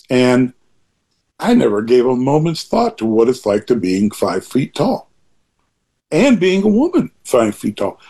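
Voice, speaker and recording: An older man with a husky, slightly breathy voice at a mid pitch. He talks in a loose, conversational interview style, drifting into asides and restarting sentences. He lands his points with blunt emphasis. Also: a little mellow. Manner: rambling, with frequent asides and restarts; emphatic and opinionated. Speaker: interview guest.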